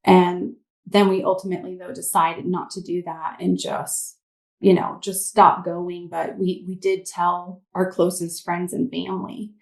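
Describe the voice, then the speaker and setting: A woman's voice: on the low side, flat delivery, measured pace, gravelly, echoey room, rough recording. A woman, as an interview guest, sharing her personal testimony in a candid, rambling way.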